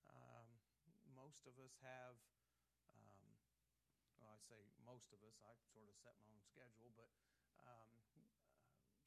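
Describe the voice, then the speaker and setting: A middle-aged man, preaching an evening sermon in an easygoing, folksy way with many ums, growing louder when he preaches. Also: medium pitch, gravelly, poor audio. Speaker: pastor.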